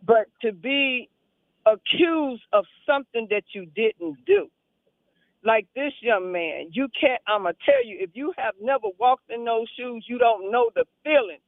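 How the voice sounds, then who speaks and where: Woman caller, high voice, super passionate, tinny phone line, dry. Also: sing-song, unhurried, no echo. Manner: passionate, emphatic, repeats herself. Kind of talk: call-in radio talk.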